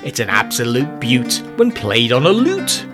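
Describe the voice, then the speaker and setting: A man's voice: mid-range voice, huge pitch swings, a little slow. A man voicing an overenthusiastic male music teacher in a storybook reading. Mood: gushing. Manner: gushing, overenthusiastic.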